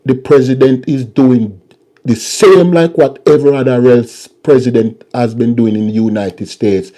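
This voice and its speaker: A man's voice: mid-range voice, measured pace, warm tone. A man hosting a political commentary vlog and ranting in a mocking, repetitive way.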